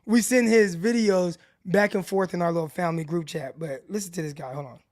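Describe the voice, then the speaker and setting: A man hosting a casual sports livestream, his voice fairly high for a man. He talks in loose, rambling bursts and keeps restarting his sentences, and the sound is close and dry. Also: fairly quick, a little mellow, no echo. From Stockton, California. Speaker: sports show host.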